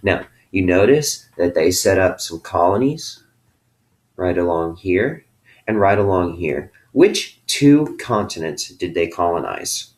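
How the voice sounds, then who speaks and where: A male teacher with a deep, low voice gives a recorded lesson to students. He keeps an upbeat, playful tone and often checks in with a quick "okay?" at the end of his phrases. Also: very animated, darkish tone.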